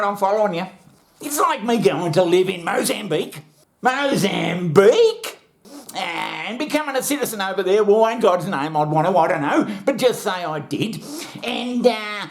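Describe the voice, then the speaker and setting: Australian man, comic rant, rambling, sarcastic, sweary, very lively intonation. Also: sits high. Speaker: comedy host.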